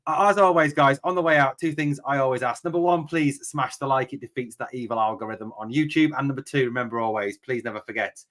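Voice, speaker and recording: A man's voice: mid-range voice, quick pace, hardly any pauses, fairly bright tone. A man hosting a live podcast in an upbeat, friendly manner, thanking his guest and viewers. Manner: upbeat, friendly sign-off patter. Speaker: podcast host.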